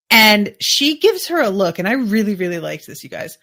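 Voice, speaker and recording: A woman's voice: mid-range voice, very animated, moderate pace, hardly any pauses, a bit bright. A woman hosting a podcast, chatting casually through an episode recap, musing and thinking aloud with lots of fillers. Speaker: podcast host.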